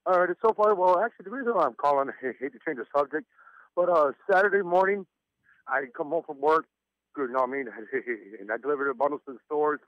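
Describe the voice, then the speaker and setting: A caller phones in to a radio show and tells his story with stammers and nervous laughs. His voice is on the high side, expressive and fast, coming through a muffled telephone line with a dry recording.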